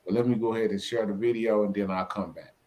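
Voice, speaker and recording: A man taking part as a guest in a casual live stream discussion, speaking directly and giving brisk instructions. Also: on the low side, steady tone, a little mellow.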